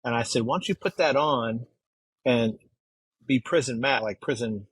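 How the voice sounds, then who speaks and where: Husky laid-back man on a podcast. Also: medium pitch, moderate pace, dry recording, poor audio. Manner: laughs easily, loose and rambling. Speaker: podcast guest. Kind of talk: casual chat.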